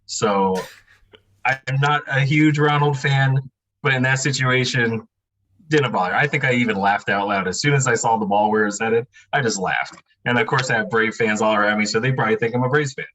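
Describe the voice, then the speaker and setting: A man guest on a sports podcast, talking in a relaxed, wry way with lots of fillers. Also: mid-range voice, a little fast, low-quality recording. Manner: laid-back, wry, rambling with many fillers. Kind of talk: casual podcast chat.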